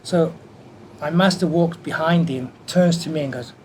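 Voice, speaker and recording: A man telling a lively anecdote from his film career in an interview, acting out the quoted voices as he goes. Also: fairly high pitch, normal speed, a little hiss or hum. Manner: animated anecdote teller who acts out quotes. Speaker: martial artist and film stunt performer. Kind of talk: storytelling in an interview.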